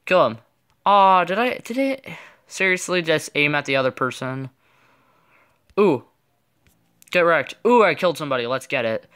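A man giving casual, excitable gameplay commentary with playful trash talk. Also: on the high side, moderate pace, pauses often, clear, resonant tone. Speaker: gaming channel host.

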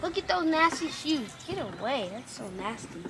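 A woman's voice: high-pitched, sing-song, normal speed, loud music behind the voice. A young woman acting as a mean, mocking girl bully in a playground skit, taunting and whiny. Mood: sneering. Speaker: actor in a family skit. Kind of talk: improvised home video skit. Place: outdoor playground.

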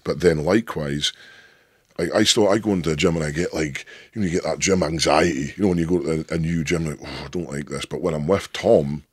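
A Scottish man in his thirties with a deep voice, a guest telling stories in a rambling, sweary, emphatic way. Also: fairly quick, slightly rough, dry recording, clean studio sound. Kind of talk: casual interview chat.

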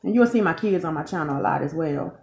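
A chatty, folksy woman hosts her channel, a mother doing a casual mukbang and keeps calling her viewers "y'all." Her voice is low, expressive, and darkish, and she talks at a quick pace. The recording is dull and lo-fi, made in an echoey room.

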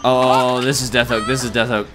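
A man giving live commentary on his own gameplay, excitable and talking to himself as he plays. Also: mid-range voice, normal speed. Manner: excitable, talks to himself while playing. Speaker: gaming streamer. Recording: game music loud behind.

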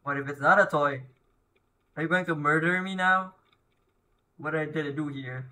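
Young man, horror game commentary, high voice, bright tone, jumpy and loud at scares. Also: normal speed, low-quality recording. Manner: jumpy, yelps and shouts at scares; reads game text aloud in asides. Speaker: gameplay commentator.

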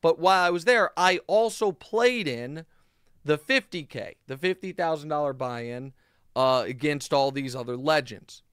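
Male podcast host, animated talker, fairly high and clean voice, casual monologue. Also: unhurried, clear, resonant tone, no room sound, studio quality. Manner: animated, talkative storytelling with frequent fillers.

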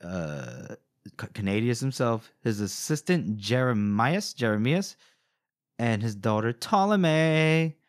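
A man's voice: mid-range voice, expressive, slow pace, dry recording, studio quality. A young adult man co-hosting a podcast, casually recapping a book and laughing often. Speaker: podcast co-host.

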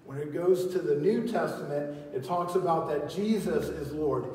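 Man, pastor, sermon, emphatic, slightly high voice, distant mic, long church reverb. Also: normal speed, a little hiss or hum. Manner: emphatic preaching, swinging from loud calls to quiet teaching; leads the congregation in call-and-response. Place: large church hall. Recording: echoey hall, voice from far off.

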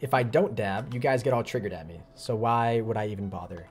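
Fast-talking young male streamer. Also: lowish voice, faint music behind. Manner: fast, chatty, reads viewer messages aloud. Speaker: gaming streamer. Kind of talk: casual live-stream chat.

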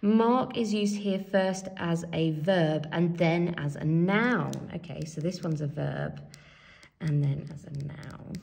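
An English teacher leads a revision tutorial in a fairly low, dark voice with vocal fry. She thinks aloud as she writes and reads from a help sheet, filling her speech with many fillers.

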